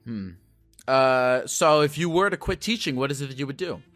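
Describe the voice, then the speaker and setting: A man's voice: mid-range voice, animated, moderate pace, fairly bright tone, dry recording, soft background music. A man hosting a casual call-in show, asking earnest, playful questions. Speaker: host.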